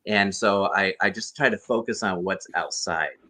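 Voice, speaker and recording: A man's voice: deep voice, normal speed, bright, forceful tone. A man, a guest actor and costume performer, earnestly telling a rambling story over a video call. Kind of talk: casual storytelling interview.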